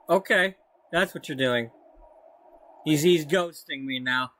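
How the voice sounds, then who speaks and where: A man's voice: on the high side, slow, pushed and bright. A man giving casual, rambling commentary as he plays a life-sim game. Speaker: let's play host.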